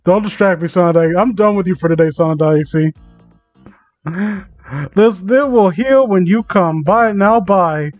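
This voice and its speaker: A man's voice: high-pitched, measured pace, dry recording, soft background music. A man reading fan fiction aloud for comedy, stumbling over words and rambling in asides, on a dull lo-fi mic.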